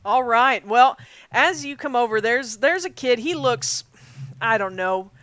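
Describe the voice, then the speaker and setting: A man's voice: very high voice, animated, a little slow, sharp tone, no room sound. A man running a tabletop game as game master, narrating scenes in a rambling, chatty way and laughing often.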